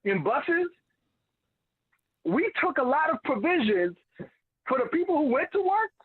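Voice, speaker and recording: A man co-hosting a call-in talk, quick to laugh and swearing as he makes his point. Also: very high voice, very animated. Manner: fast-talking, laughs often, swears. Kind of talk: casual panel chat. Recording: tinny phone line.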